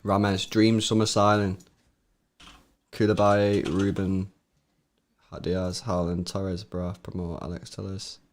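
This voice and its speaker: A man's voice: deep voice, slow, pauses often. Laid-back young man co-hosting. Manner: laid-back slangy banter, rises sharply when excited. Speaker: watchalong co-host. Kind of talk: casual live-stream chat.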